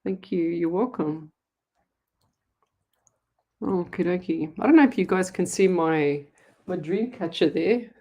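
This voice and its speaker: Middle-aged Australian woman, live-stream host, casual and friendly chatter, quick to laugh. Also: fairly low pitch, animated, mellow. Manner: chatty, greets viewers by name, laughs easily. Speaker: psychic medium hosting a live stream.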